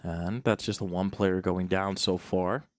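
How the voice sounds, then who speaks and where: A man calls a live esports match, his fairly low voice jumping up whenever the action heats up. He talks to the viewers in a chatty, joking way between plays. A faint hiss sits under the recording. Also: fairly even intonation, unhurried. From Finland. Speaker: esports commentator. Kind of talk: live game commentary.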